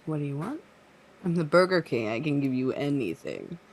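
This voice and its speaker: A man voicing a pompous king who offers rewards, smooth and reassuring. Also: on the high side, very animated, moderate pace. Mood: regal.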